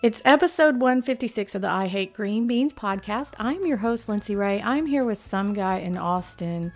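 A woman hosting a casual pop culture podcast, chatty and quick to laugh. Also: medium pitch, soft background music. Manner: chatty, laughs easily, animated. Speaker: podcast host.

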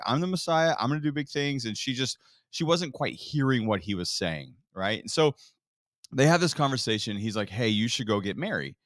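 Male podcast co-host, animated storyteller, expressive pitch, dry studio mic. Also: no echo. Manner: animated storyteller, acts out quotes. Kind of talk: casual faith podcast teaching.

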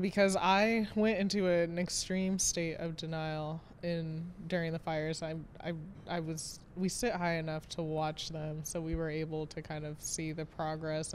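Laughing, chatty young woman, low voice. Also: little pitch movement, moderate pace, few pauses, slight background noise. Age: 20s. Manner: chatty and self-deprecating, laughs often, many fillers. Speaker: vineyard manager. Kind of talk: casual interview conversation.

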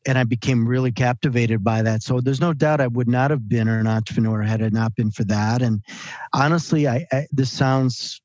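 A man as a podcast guest, animated as he tells a story and voices the people in it. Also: mid-range voice, normal speed, dry recording. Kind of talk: storytelling in an interview. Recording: dull lo-fi recording.

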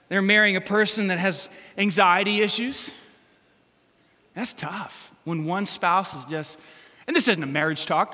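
A man preaching a sermon as pastor, animated and humorous, acting out quotes from everyday life. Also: high voice, long reverb tail.

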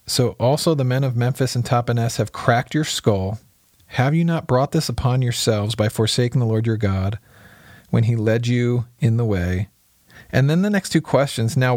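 A man's voice: mid-range voice, normal speed, a little mellow, no echo, clean studio sound. A man, a pastor co-hosting a podcast, reading Bible verses aloud and asking questions about them in casual talk.

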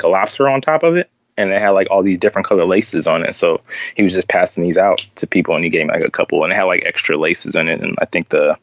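A man chatting casually on a podcast, telling stories in a rambling, halting way with many restarts. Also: low voice, a bit bright, no room sound, dull audio. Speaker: podcast guest, sneaker collector. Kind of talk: casual chat.

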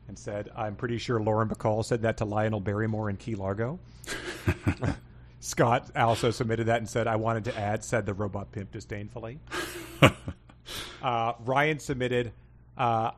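A man's voice: medium pitch, moderate pace. A man hosting a podcast, casually and wryly reading out listener emails and submissions, with plenty of fillers. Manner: wry, amused, with frequent fillers. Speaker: podcast host.

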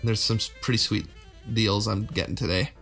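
A man's voice: fairly low pitch, steady tone, normal speed, gravelly, a bit bright. Young guy co-hosting a podcast, laid back and jokey, bit of guitar music under it. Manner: easygoing, jokey, laughs often. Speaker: podcast co-host. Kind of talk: casual chat.

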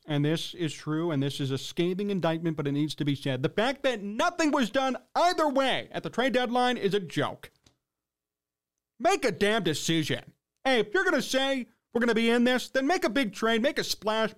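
A man's voice: very high-pitched, fairly bright tone. A man hosting a sports talk show, ranting in an exasperated, sarcastic way and reading out chat comments.

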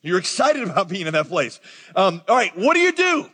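A man's voice: high voice, sing-song, a little fast, a bit bright, breathy edge. A man preaching a sermon as pastor, talking conversationally and addressing the congregation directly. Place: large church auditorium. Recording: long reverb of a large hall.

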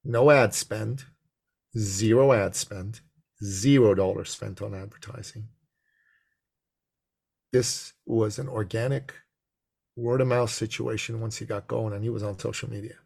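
A man guest telling a story in conversation, acting out the dialogue with animation and a gravelly voice. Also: fairly low pitch, steady tone, a little slow, long pauses, a little mellow.

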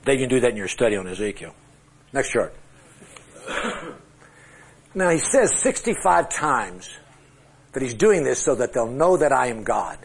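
A man's voice: mid-range voice, very animated, moderate pace, pauses often, slight background noise. A middle-aged man teaching a Bible class with charts, talking conversationally, asking the class questions and joking at his own expense. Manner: self-deprecating humor.

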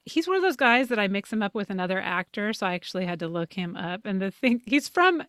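A woman's voice: medium pitch, quick pace, dry recording, clean studio sound. A woman co-hosting a podcast in casual chat, laughing often and acting out what she said. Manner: chatty, laughs often, animated quoting. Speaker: podcast co-host. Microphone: on camera, video podcast.

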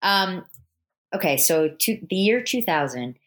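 A woman in her thirties from New Jersey, co-hosting a casual podcast chat as an animated storyteller who laughs often. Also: on the low side, a little slow. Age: 30s. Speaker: podcast co-host.

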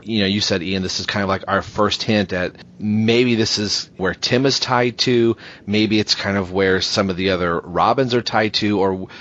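A man with a low voice muses through ideas on a podcast, often restarting and posing questions. The sound is muffled and lo-fi. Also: fairly even intonation, moderate pace, hardly any pauses, a bit bright. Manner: thinking aloud, hesitant restarts. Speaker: podcast co-host. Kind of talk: casual podcast chat. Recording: dull lo-fi audio.

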